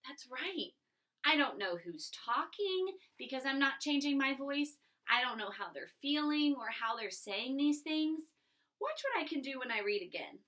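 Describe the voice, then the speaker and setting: A woman teacher giving a recorded reading lesson to young children, expressive and encouraging. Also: high voice, unhurried. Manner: expressive, encouraging, sing-song.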